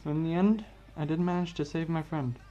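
A man's voice: on the high side, steady tone, a little fast, dark tone, close to an everyday voice. A man voicing a young male superhero who talks in a cheeky, wisecracking way. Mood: quippy. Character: quippy young male web-slinging hero. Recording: dull lo-fi with faint music.

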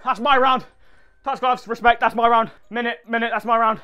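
Cocky lad with a very high voice. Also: male voice, steady tone, brisk, bright, forceful tone, clear, resonant tone. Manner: boastful, swearing trash talk. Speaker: YouTuber. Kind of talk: excited gameplay commentary.

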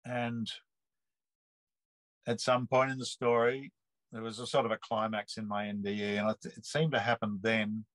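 A man's voice: on the low side, normal speed, long pauses, no echo, rough recording. A man in his sixties with an Australian accent, telling a personal story in an interview and acting out the people he quotes. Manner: lively storyteller who acts out the people he quotes.

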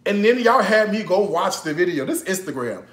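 Chatty, lively-pitched man in an echoey kitchen. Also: moderate pace. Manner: chatty, joking, bursts of laughter. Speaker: cooking show host. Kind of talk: casual cooking livestream.

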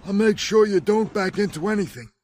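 A man's voice: sits high, animated, brisk, a little mellow, voice pushed up. A man voicing a kind, reassuring machine operator in a storybook. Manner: reassuring, calling out.

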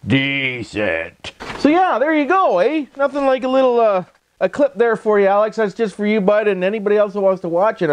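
A Canadian man with a high-sitting voice and a Canadian accent narrates his vlog, though the audio is dull. Into his voice-over microphone he rambles casually in a folksy style, leaning on catchphrases and tag questions.

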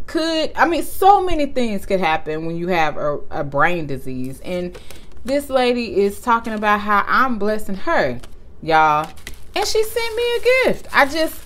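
A young woman hosting a casual vlog, talking in a warm, effusive way and often close to tears. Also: mid-range voice, expressive, slow. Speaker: channel host.

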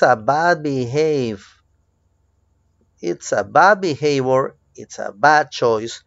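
A man with a Mexican Spanish accent teaching children English words, switching between English and Spanish and drilling them slowly with rising prompts. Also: medium pitch, vocal fry, dry recording. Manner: slow, drawn-out drills with lively rising prompts. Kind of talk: bilingual children's English lesson. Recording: dull lo-fi sound.

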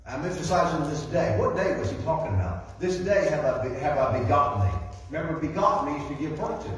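A man's voice: a little high, big pitch swings, brisk, a little hiss or hum. Echoey preacher man from afar. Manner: repeats key phrases and reads scripture aloud. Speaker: guest preacher. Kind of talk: sermon. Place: church sanctuary. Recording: echoey hall, voice from far off.

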